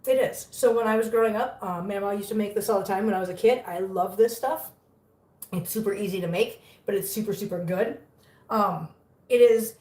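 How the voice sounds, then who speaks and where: A woman's voice: medium pitch, fairly quick, darkish tone, far from the mic. A woman from the US, chatting casually to her live stream viewers and laughing often. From Southern US. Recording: roomy sound from off mic.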